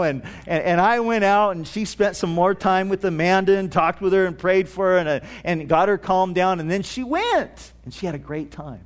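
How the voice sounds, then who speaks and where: A middle-aged man preaching a sermon in a storytelling way, with many restarts and fillers, slowing down to stress key phrases. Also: high voice, expressive. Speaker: pastor.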